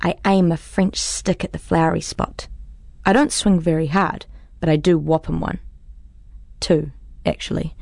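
A woman's voice: deep voice, fairly even intonation, unhurried, gravelly, long pauses, a little mellow, dry recording, clean studio sound. A woman reading a first-person story aloud in a wry, conversational manner. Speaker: audiobook narrator. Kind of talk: first-person audiobook narration.

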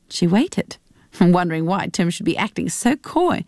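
A woman reading a novel aloud on radio in an expressive, animated storytelling manner. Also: on the low side, normal speed, no echo, clean studio sound. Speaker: reader.

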